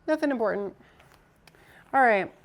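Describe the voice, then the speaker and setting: A woman's voice: a little high, expressive, normal speed. A woman streaming live, chatting casually with her viewers as she builds a PC, swearing now and then. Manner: chatty, talks to chat while assembling a PC.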